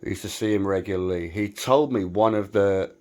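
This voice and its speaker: Brief: British man, low-ish voice, wry and chatty, vlog tour of a cramped garage workshop. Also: brisk, a little mellow. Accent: British English. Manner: chatty, self-mocking, wry humor. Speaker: woodworking maker giving a shop tour. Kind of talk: casual vlog walkthrough.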